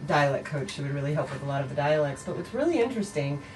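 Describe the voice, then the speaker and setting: Deep-voiced woman director on radio, wry jokes, faint hiss in the room. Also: animated, recorded from a distance. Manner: wry, quick to joke. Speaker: theater director, guest. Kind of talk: casual radio chat.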